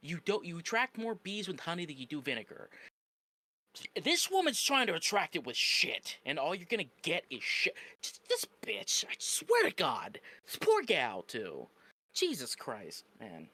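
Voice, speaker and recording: A man's voice: fairly high pitch, wildly swooping pitch, normal speed, sharp tone, no echo. A man reacting live on a stream, ranting in a heated, profane way.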